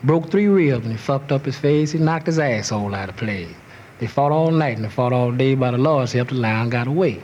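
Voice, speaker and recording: Brief: male storyteller, middle pitch, rhythmic rhymed recitation with lots of cursing. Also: expressive, brisk, darkish tone, muffled recording, a little hiss or hum. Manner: rhythmic rhyming delivery, heavy cursing. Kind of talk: reciting a rhymed profane folk toast.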